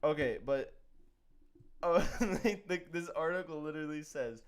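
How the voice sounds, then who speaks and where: A man's voice: fairly high pitch, moderate pace. Jokey man hosting a sports show. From Irish descent. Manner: jokey, animated, reads quotes aloud. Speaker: sports podcast host. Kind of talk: casual sports chat.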